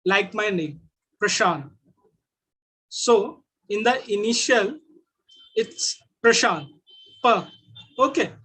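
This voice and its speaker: Man, Indian English accent, online Mandarin teacher, slow deliberate delivery, repeats sounds. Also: sits high, expressive, bright, forceful tone, slightly rough. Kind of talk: online class lesson.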